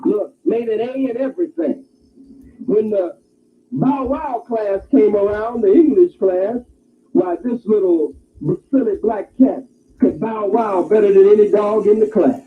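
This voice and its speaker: High-voiced guy preaching a fired-up lecture, shouty in spots, thin phone-ish sound. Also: unhurried. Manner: animated storytelling, occasional shouting. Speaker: speaker. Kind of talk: impassioned lecture. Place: campus hall. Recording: tinny phone-like archive recording.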